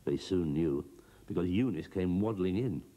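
A man giving a scripted children's storybook narration, expressive and bouncing between character voices. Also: low voice, moderate pace.

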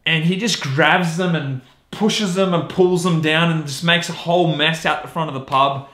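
Man, casual storytelling, bright tense voice, a little high, echoey room. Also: steady tone, normal speed. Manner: rambling, many fillers like "you know" and "right?". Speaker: podcast host.

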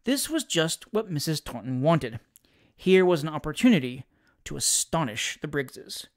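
An audiobook narrator reading a classic comic story in a theatrical, expressive way. The pitch moves a great deal from phrase to phrase, at an even middle height. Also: moderate pace.

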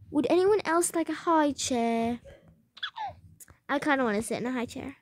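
A woman's voice: high-pitched, normal speed, pauses often, darkish tone, slight background noise. A woman casually chatting over game voice chat while playing a restaurant server, playful and chatty with the other players. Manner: chatty, playful, serving guests in a pretend restaurant. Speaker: game channel host. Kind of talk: casual voice-chat role-play.

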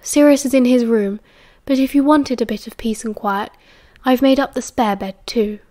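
A woman with a British accent reading the lines of a kindly, motherly older woman in an audiobook, speaking very quietly. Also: a little high, normal speed, lightly acted. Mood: gentle. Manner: very quiet, soft-spoken.

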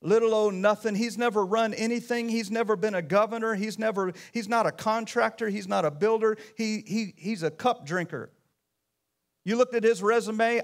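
A man with a high voice preaching to his congregation in a church. He talks in a loose, conversational way, restarting his phrases and adding asides as he goes. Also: normal speed. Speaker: pastor. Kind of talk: sermon.

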